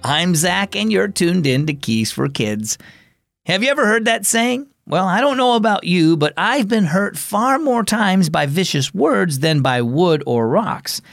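A man's voice: high-pitched, very animated, measured pace, gravelly, dry recording, studio quality. A man hosting a children's devotional program, reading scripted narration and asking the listener friendly questions.

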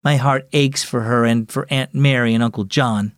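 A man voicing a gentle, caring mother in a children's story, speaking calmly and reassuringly. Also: mid-range voice, normal speed, dry recording, clean studio sound, voice pushed down, natural voice.

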